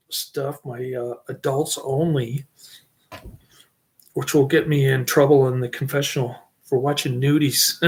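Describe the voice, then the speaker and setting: Slow, chuckling middle-aged man. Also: on the high side. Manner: rambling, chuckles often. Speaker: channel host. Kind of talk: casual channel update.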